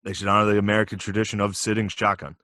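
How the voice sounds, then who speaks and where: A man trades wisecracks in relaxed podcast banter. He delivers his riffs in a dry, deadpan way. His voice sounds close and dry on a studio mic. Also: fairly low pitch, very fast, no echo. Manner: wisecracking, riffing on jokes with a deadpan tone. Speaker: podcast co-host. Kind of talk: casual banter.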